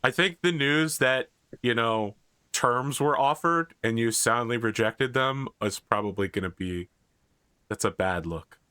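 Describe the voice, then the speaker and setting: A man's voice: medium pitch, a little slow, pushed and bright, clear, resonant tone, no room sound, clean studio sound. A man narrating as game master, casual and joking, voicing characters.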